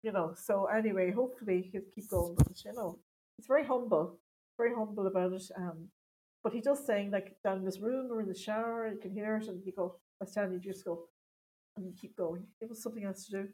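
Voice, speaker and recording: A middle-aged Irish woman, a stand-up comedian chatting in an interview, self-mocking and quick to laugh. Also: medium pitch, warm tone, a little hiss or hum, rough recording. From Ireland. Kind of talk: casual interview chat.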